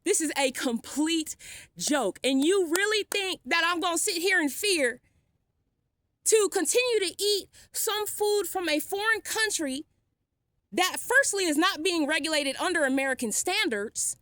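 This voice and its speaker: A woman's voice: very high-pitched, expressive, measured pace, fairly bright tone, dry recording, studio quality. A woman vlogging a defiant, sarcastic rant, blunt and swearing freely. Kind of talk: ranting vlog monologue.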